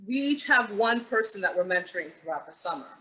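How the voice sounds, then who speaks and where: A woman with a bright, forceful voice moderates an online panel discussion. She tells stories animatedly and acts out the quoted lines. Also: mid-range voice, lively intonation, brisk, rough recording. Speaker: moderator and acting teacher. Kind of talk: panel discussion on a video call.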